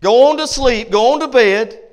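A man's voice: very high voice, moderate pace. A man doing a patient, soothing mother. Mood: reassuring. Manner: soothing, firm reassurance. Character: patient mother calming her frightened son.

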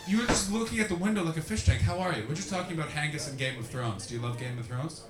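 A man from Canada doing crowd-work stand-up comedy, animated and swearing freely as he acts out voices. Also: on the high side, racing. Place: comedy venue with a live audience. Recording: echoey room with faint ambience.

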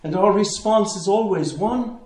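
A man preaching a sermon as a priest, in a slow, contemplative way with long pauses. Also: high voice, darkish tone. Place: church. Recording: echoey church interior.

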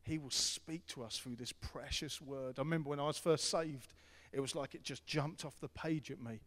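A middle-aged man preaching a sermon as pastor, earnest and repetitive, swinging between loud appeals and hushed tones. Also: mid-range voice, moderate pace. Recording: long hall reverb.

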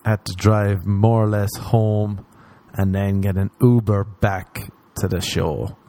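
Sardonic Irish man, low mellow voice. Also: steady tone, takes it slowly. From Ireland. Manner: rambling, sardonic, acts out voices with pitch jumps. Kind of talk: casual comedic monologue.

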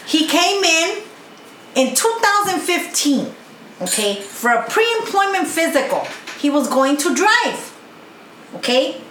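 High-pitched, foul-mouthed ranting woman. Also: sing-song, slow pace, a bit bright, slight background noise. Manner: blunt, heavy swearing, rants with mocking quotes. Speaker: podcast co-host. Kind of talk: profane casual storytelling. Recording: echoey room with faint ambience.

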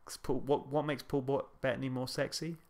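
A man's voice: medium pitch, flat delivery, fairly quick, a little mellow, a little hiss or hum. A man co-hosting a podcast in wry, rambling casual chat. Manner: wry, rambling, laughs easily. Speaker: podcast co-host.

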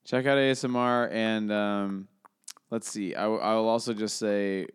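A woman co-hosting a podcast, her voice strikingly low for a woman. She chats casually and jokes around with her co-host. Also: fairly even intonation, normal speed, clean tone. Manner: jokey, playful banter. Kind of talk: casual chat.

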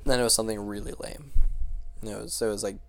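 A young man co-hosting a casual podcast, talking in a relaxed, halting way with fillers while he eats. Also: lowish voice, creaky. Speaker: podcast co-host. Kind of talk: casual chat.

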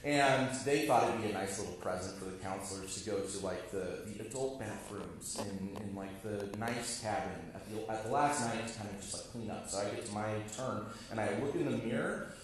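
A man's voice: on the low side, normal speed, background noise. A young man telling a funny personal story on stage before a live audience, laughing at himself and acting out other people's voices. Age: young adult. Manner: self-mocking, laughing, acts out voices of others. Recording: echoey hall from far off, live crowd.

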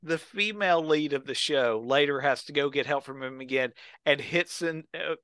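A man's voice: a little high, normal speed, fairly bright tone, clear, resonant tone, no room sound. A man on a podcast, telling a story with enthusiasm and acting out the quotes. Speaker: podcast co-host. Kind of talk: casual chat.

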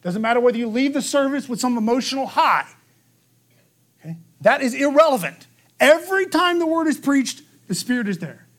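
A man preaching a sermon, telling the story lively and acting out the quotes, with a frequent "okay?" to the room. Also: very high-pitched, a little fast. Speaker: pastor.

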